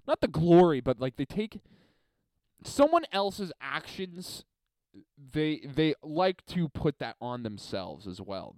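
A man's voice: medium pitch, dry recording. Profane young man ranting on a podcast. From Montreal, Canada. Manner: profane, ranting, swings loud and quiet. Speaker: podcast host. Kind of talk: solo podcast rant.

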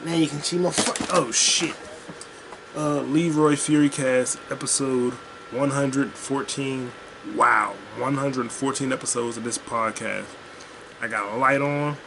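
Gravelly guy ranting and swearing on his podcast, noisy room with a fan on. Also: mid-range voice, steady tone, unhurried. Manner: profane, offhand, rambling. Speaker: podcast host. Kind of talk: casual rambling monologue while gaming. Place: home room with a fan running. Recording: noisy home recording with fan hum.

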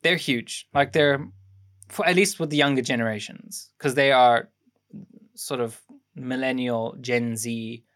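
Casually discussing a film on a podcast, a young adult co-host rambles through production details with plenty of ums and restarts. The mid-range voice is fairly bright, a little slow, and fairly even in intonation.

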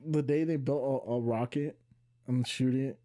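A man's voice: medium pitch, steady tone, moderate pace, mellow. A man co-hosting a podcast, chatting casually, swearing freely and bringing up each new topic. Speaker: podcast co-host. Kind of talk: casual chat.

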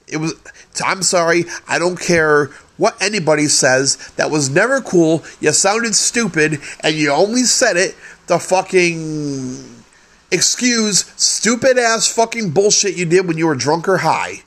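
A man's voice: fairly high pitch, expressive, unhurried, fairly bright tone. A man hosting a solo podcast, ranting with lots of profanity in an exasperated way. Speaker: podcast host.

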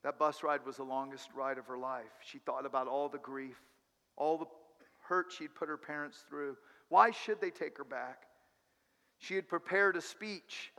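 A pastor telling a story in a sermon, dramatic, moving from hushed to loud. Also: male voice, on the high side, steady tone, measured pace. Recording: long hall reverb.

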